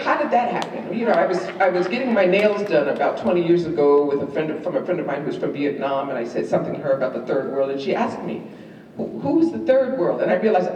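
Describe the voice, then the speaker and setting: A middle-aged woman, giving a university lecture to students in a lively, wry way and teasing them with questions. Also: on the low side, lo-fi sound. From New York. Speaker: guest speaker. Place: large lecture hall. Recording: echoey hall from far off, faint room noise.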